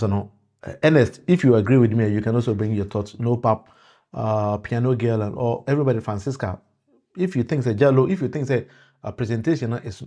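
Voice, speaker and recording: A man's voice: medium pitch, a little mellow. A man with a Ghanaian accent giving political commentary to a live-stream audience, switching between Twi and English, restarting phrases and calling out viewers by name.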